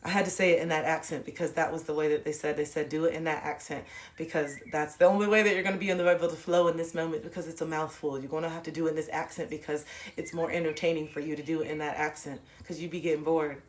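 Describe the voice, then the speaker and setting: A woman's voice: deep voice, steady tone, fast. A woman on a livestream giving a blunt, profane motivational talk, repeating points for emphasis and laughing often.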